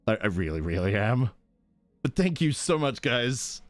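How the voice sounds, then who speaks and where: A man's voice: medium pitch, sing-song, measured pace, dry recording, faint music behind. A man streaming live, chatting casually and playfully, giggling and goofing around with silly pronunciations. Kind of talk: casual livestream chat.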